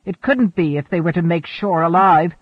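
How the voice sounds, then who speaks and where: A man's voice: fairly high pitch, moderate pace, close to an everyday voice. A man voicing a resolute, commanding starship captain who talks firmly. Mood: determined. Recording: narrow, phone-like, dry sound.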